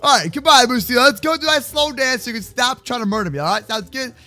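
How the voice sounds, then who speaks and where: High-pitched hyper gamer guy. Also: quick pace, soft background music. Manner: excitable, loud, slangy, often exclaiming. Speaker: YouTube gamer roleplaying in Minecraft. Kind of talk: energetic gaming roleplay chat.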